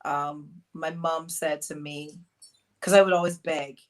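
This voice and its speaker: A middle-aged woman from East London whose speech mixes a Barbadian and a London accent. Her voice sits somewhat low. She tells her story animatedly, with fillers, acting out what people said. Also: unhurried, slight background noise. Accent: mixed Barbadian and London. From East London, England. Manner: animated, acts out quotes, many fillers. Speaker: guest. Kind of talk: casual interview storytelling.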